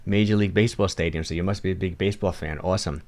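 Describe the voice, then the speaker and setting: A man's voice: low-pitched, fairly even intonation, rapid-fire, darkish tone. A man with a New York accent, a fitness coach giving casual, encouraging advice on a livestream and answering viewer chat, often restarting his sentences.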